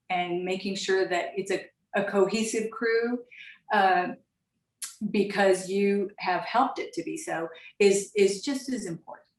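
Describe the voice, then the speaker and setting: A middle-aged woman, a retired airline captain, telling stories in an interview at a measured pace with frequent restarts. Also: medium pitch. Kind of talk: interview answers over a call. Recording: echoey, distant mic.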